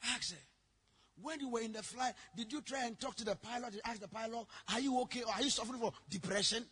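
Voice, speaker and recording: A man preaching a sermon, telling stories with sudden shouted lines. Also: extremely high pitch, quick pace, husky. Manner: dramatic storytelling, bursts into shouting. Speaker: pastor.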